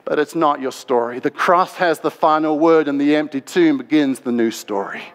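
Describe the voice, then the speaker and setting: Male pastor, passionate sermon, bright high voice, long hall echo. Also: moderate pace. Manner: impassioned, swings between loud and hushed. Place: large church sanctuary.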